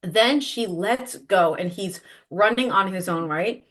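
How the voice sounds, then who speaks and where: A woman co-hosting a casual book podcast, chatty, full of "like", quick to laugh. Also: medium pitch, fairly bright tone. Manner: chatty, lots of "like", laughs easily. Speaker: podcast co-host. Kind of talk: casual book-club chat.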